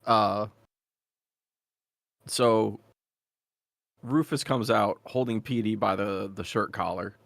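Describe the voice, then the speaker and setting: A man playing a tabletop role-playing game, speaking slowly and with hesitation. His voice is gravelly, with a lot of vocal fry, and the sound is dry and close. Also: on the low side, steady tone, a bit bright, no echo. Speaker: player. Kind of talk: casual tabletop play.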